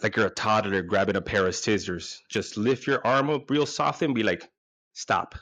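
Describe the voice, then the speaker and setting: A man's voice: on the low side, lively intonation, moderate pace, fairly bright tone, no echo. A man in his forties, hosting with a crude, rambling, self-mocking comedic monologue. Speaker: podcast host.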